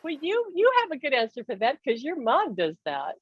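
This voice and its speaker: A woman who is a spiritual medium hosts a casual video-call chat about contacting spirits, telling stories animatedly and laughing often. Her voice sits high and slightly rough, with wildly swooping pitch, and she talks briskly. The audio is dull.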